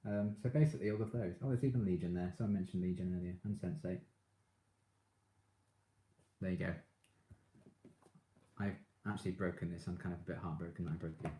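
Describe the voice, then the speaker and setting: A deep-voiced man hosts a relaxed live stream, reading chat and talking with viewers, getting excitable as a fan and laughing often between comments. He talks fairly quickly but pauses often, and the sound has a roomy echo.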